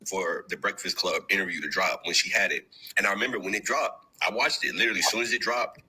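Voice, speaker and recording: A man's voice: low voice, steady tone, quick pace, pushed and bright, a little hiss or hum, poor audio. A man from the United States telling a story in a chatty opinion clip, addressing the listener directly.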